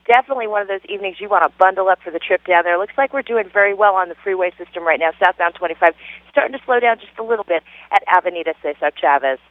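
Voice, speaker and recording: A woman giving a radio traffic report with an ad read, in a brisk, upbeat broadcast delivery. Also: medium pitch, no echo. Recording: tinny phone-like line.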